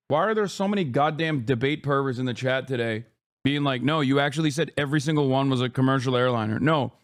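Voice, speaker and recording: A man in his thirties giving sarcastic, combative stream commentary and swearing often. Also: on the high side.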